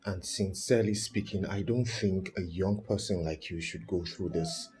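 Man playing a calm mellow husband. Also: deep voice, slight background noise, natural voice. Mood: gentle. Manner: calm, gentle, measured. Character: kind supportive husband and father.

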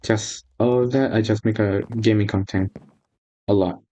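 Excitable young gamer man yelling at his game. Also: lowish voice, a little slow, rough recording. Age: young adult. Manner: excitable, yelling and repeating words when losing. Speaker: gaming YouTuber. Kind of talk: casual gameplay commentary. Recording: faint background noise and clicks.

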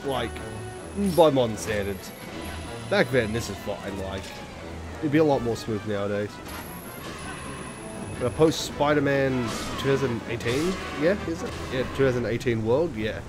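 A man's voice: mid-range voice, normal speed, pauses often. A man playing a video game and commenting in a rambling, self-deprecating way, swearing often. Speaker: let's play gamer. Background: video game music.

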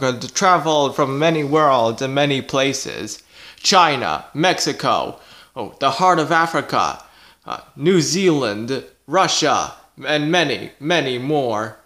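In a plushie comedy video, a man voices a boastful robot cat from the future, speaking slowly and haltingly and making clicking "ch ch" sounds. His medium-pitched delivery is expressive, bright and forceful.

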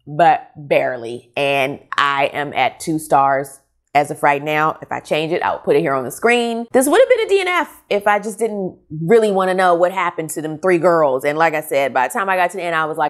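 A middle-aged woman chats casually about her reading, frank and openly exasperated. Her voice sits low yet leaps around with lively pitch. She sounds like a regular book vlogger talking straight to her viewers. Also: normal speed. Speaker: book reviewer. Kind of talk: casual book review vlog.

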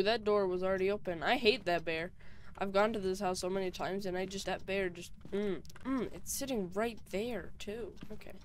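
A young woman giving nervous, chatty commentary while playing a horror game alone, with jumpy reactions. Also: mid-range voice. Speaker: gaming YouTuber.

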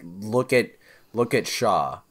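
A man's voice: lowish voice, expressive, slow, a bit bright. A man co-hosting a casual movie podcast, rambling and hesitant, swearing casually as he talks. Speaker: podcast co-host.

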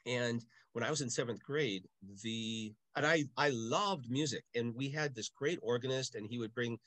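An older man, a parish music director from Milwaukee, telling stories in a casual interview with lively, acted-out asides. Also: mid-range voice, normal speed, no echo. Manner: animated storyteller, acts out voices in anecdotes.

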